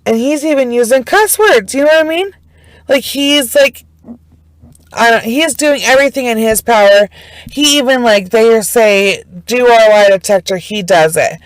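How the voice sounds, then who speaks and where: A woman's voice: fairly high pitch, lively intonation, normal speed, dry recording, poor audio. A woman casually retelling a true crime case, chatty and indignant, full of fillers and swearing. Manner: emotionally invested, indignant.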